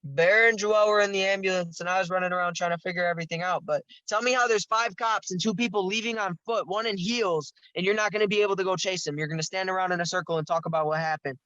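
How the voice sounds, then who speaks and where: A young man with a high, bright voice tells a story in a casual, profane way, swearing as he goes. The recording is dry and dull, with a lo-fi sound. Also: fast talker, few pauses, dry recording. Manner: profane, animated storytelling with bursts of laughter. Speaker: podcast guest.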